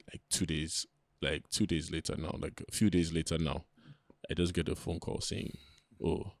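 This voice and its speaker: A man's voice: sits low, dry recording. A young man, telling a personal story in a casual, slangy podcast chat and acting out what others said. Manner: animated storyteller, slangy, acts out quoted voices. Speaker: podcast co-host.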